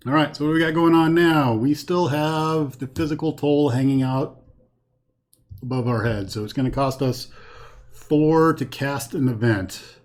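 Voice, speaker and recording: A man's voice: fairly high pitch, a little slow. A man hosting a solo card game playthrough, thinking aloud as he counts cards and weighs each move from a home setup with a green screen. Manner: thinks aloud, counts cards, talks himself through choices. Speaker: host playing a card game.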